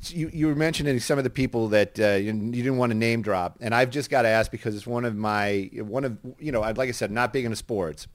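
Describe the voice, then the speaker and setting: A man's voice: medium pitch, brisk, hardly any pauses. A man hosting a podcast, a helicopter news reporter chatting casually, laughing easily and repeating short phrases.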